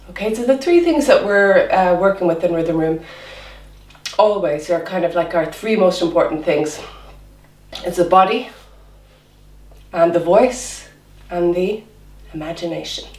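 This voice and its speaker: A woman teaching a children's drama class online, encouraging them through voice and movement warm-ups. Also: on the low side, reverberant, recorded from a distance. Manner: encouraging, demonstrating vocal exercises.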